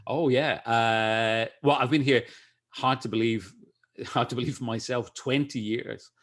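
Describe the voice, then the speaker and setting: A middle-aged man with a Scottish accent talks in a relaxed, chatty way. He restarts his sentences often and laughs easily, and his pitch sits in the middle for a man. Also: measured pace. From Scotland. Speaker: guest. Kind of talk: casual video-call interview.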